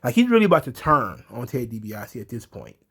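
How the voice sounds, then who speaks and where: A man giving a casual recap of a wrestling show, excitable, chuckling, swearing freely. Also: medium pitch, fairly quick, husky.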